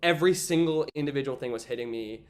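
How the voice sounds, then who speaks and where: A young man in an interview, telling a story in a lively casual way, often saying "like" and acting out what people said. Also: mid-range voice, fast. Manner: animated, acts out quoted voices, frequent "like". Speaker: guest, stage actor.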